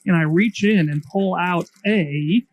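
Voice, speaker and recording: A playful, mustached beholder monster, played by a man at a game table. The voice sits quite high and breaks into sudden shouts. Faint noise hums in the background. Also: unhurried, highs cut off.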